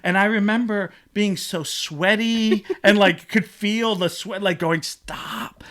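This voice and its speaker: A man's voice: high voice, unhurried. A man co-hosting a podcast, telling stories in a casual chat and acting out quotes with big jumps in his voice. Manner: animated, acts out quotes with big voice jumps, laughs often. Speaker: podcast co-host.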